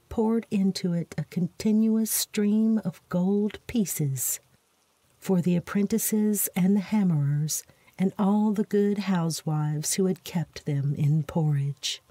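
A woman narrating a fairytale as a soft bedtime story, slow and soothing, lightly voicing the giants' lines. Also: medium pitch, breathy edge, no room sound.

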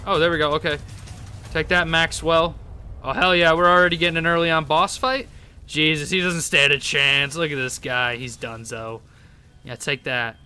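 A young man giving excitable gameplay commentary, laughing often and yelping in surprise. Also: fairly high pitch, moderate pace, smooth, faint music behind. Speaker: gaming YouTuber.

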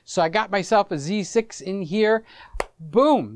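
A middle-aged man hosting a camera vlog, telling a story to the camera in a casual, animated way. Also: high voice, unhurried. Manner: animated, acts out conversations, chuckles often. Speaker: camera reviewer, vlog host.

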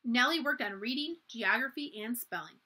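A woman reading a children's book aloud for a library, expressive and lively. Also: a little high, moderate pace. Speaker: library storyteller.

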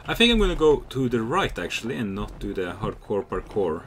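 A young man giving casual, chatty commentary while playing a game, excitable and swearing freely. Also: lowish voice, a little fast, a little hiss or hum. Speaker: gamer.

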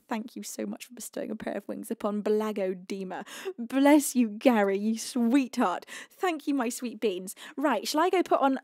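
Brief: woman, live-stream host, high bright voice, warm and gushing, close dry mic. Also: no room sound. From United Kingdom. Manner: effusive, affectionate. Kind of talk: casual live-stream chat.

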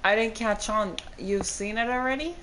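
A woman's voice: medium pitch, normal speed, a bit bright, slight background noise. A woman streaming and chatting casually in a laid-back manner, swearing now and then. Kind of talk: casual chat.

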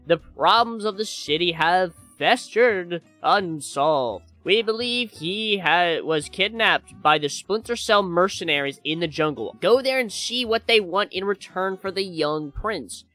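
A man voicing a worried, polite male city official in a game, speaking slowly and formally. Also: high voice, expressive, pushed and bright, soft background music, voice pushed up, heavily acted. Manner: slow, formal, courteous speech.

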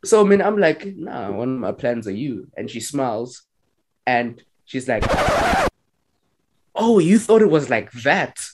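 A man's voice: mid-range voice, measured pace, long pauses, heavy background noise. A young man telling a story on a podcast, acting out the lines he quotes. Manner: animated, acts out quoted lines. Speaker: podcast co-host. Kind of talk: casual storytelling among friends.

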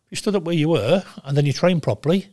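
An older man in his sixties, talking bluntly and with lots of swearing in a casual interview, telling animated stories. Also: on the high side, fast talker, dry recording. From Wales. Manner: blunt, profane, animated storytelling. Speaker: guest, former goalkeeper.

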